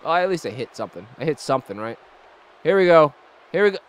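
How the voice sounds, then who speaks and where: A young man giving casual, excitable and profane commentary over his own gameplay. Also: a little high, fast, clear, resonant tone. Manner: excitable, profane, reacts loudly. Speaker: gaming YouTuber.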